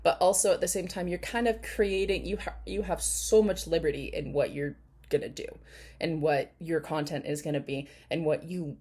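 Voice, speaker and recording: Low-voiced chatty woman commentator. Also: steady tone, normal speed, a little mellow, husky. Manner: chatty, rambling, laughs often, many ums. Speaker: commentary YouTuber. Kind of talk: casual reaction commentary.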